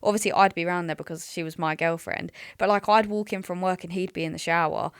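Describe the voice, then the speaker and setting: Smooth-voiced, chatty woman. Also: lowish voice, steady tone, fast, no room sound, clean studio sound. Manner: chatty, self-mocking, slangy. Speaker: podcast co-host. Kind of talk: casual chat.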